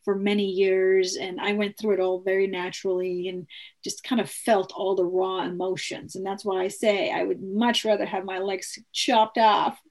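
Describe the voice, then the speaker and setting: A woman with a medium-pitched voice, speaking at normal speed, tells a personal story earnestly and with animation. She acts out the dialogue and often restarts her sentences.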